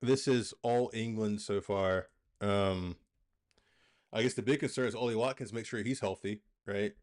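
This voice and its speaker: A man with a fairly low voice hosts a live football watch-along. He calls the action play by play, with excitable bursts when an attack builds. Between plays he chats loosely to his viewers and reads out the match stats. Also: moderate pace.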